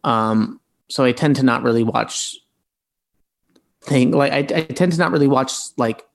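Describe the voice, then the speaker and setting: Man, forties, gravelly, mid-pitched, rambling guest answers full of fillers. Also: measured pace. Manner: rambling, many fillers and restarts. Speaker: actor guest. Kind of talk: relaxed interview talk.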